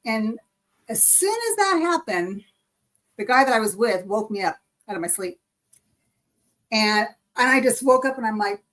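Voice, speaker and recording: A woman hosting a live spiritual chat stream, telling a personal story in an animated way. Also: on the high side, normal speed, long pauses. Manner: animated storytelling, acts out quoted speech. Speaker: host. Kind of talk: casual chat.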